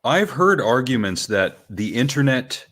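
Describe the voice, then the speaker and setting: A man's voice: mid-range voice, big pitch swings, a little slow, fairly bright tone. A Canadian man co-hosting a casual podcast, musing in a laid-back way. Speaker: podcast co-host.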